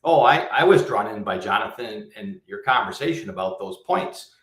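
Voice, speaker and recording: Midwest guy on a live panel, calm and articulate, lays out his points, roomy echo. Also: on the low side. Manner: measured, articulate, explains at length. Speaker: guest panelist. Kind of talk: livestream panel chat.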